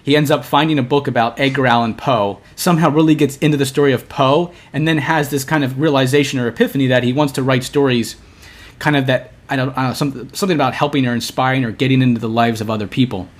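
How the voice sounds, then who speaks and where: A young man co-hosting a podcast, telling a long story in casual chat, animated, restarting often and acting out the lines he quotes. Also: medium pitch, fast talker. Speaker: podcast co-host.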